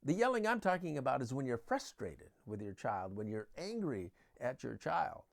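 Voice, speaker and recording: A man's voice: medium pitch, very animated, normal speed, vocal fry. A man giving an earnest Christian parenting talk that uses Bible verses and everyday examples.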